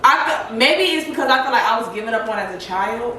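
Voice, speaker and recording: Woman, twenties, candid casual talker, bright tone, recorded from across an echoey kitchen. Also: a little high, animated, quick pace, a little hiss or hum. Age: 20s. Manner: candid, frequent "like" fillers. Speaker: co-host. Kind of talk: casual chat while cooking. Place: home kitchen. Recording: echoey room, mic far off.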